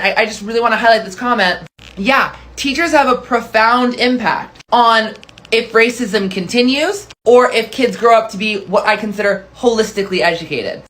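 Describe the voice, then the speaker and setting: Earnest woman teacher. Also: a little high. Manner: earnest, quotes herself and the student in lively asides. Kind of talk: reaction commentary with retold classroom story.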